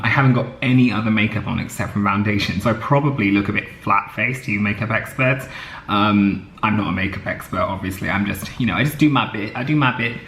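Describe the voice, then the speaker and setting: A man's voice: on the low side, vocal fry, fairly bright tone, echoey room. A man in casual vlog chat, upbeat and chatty with lots of ums and laughs, at times out of breath while walking. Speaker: vlogger. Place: outdoors on a street, then indoors. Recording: noisy outdoor background with traffic.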